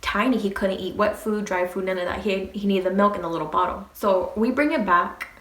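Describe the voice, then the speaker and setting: A young woman tells a story to her channel in a lively, unfiltered way, swearing and acting out the people in it. Her voice sits at a middling pitch. The room around her rings with an echo. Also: a little fast. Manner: animated, swears freely, acts out quotes. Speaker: vlogger. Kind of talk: casual storytime.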